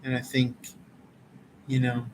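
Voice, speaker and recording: Around a campfire outdoors, the tarot reader rambles in laid-back casual chat, loaded with fillers. Mid-range and completely flat, his slow delivery has a darkish tone, captured on a rough recording with slight background noise.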